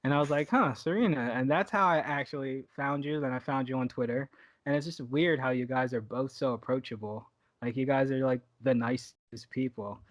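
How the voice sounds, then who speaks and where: A man's voice: mid-range voice, brisk, no room sound. Dry-sounding male podcast host. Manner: relaxed, rambling questions with many fillers. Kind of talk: casual interview.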